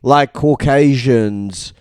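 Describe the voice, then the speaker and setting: A man's voice: mid-range voice, drawn-out words, a little mellow, clean tone, no echo, studio quality. A young man co-hosting a podcast, musing aloud in a rambling, laugh-filled casual chat. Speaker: podcast co-host. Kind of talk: casual banter.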